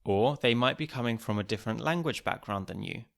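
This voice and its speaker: A man hosting a podcast, reading scripted narration with a measured, even delivery. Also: mid-range voice, gravelly.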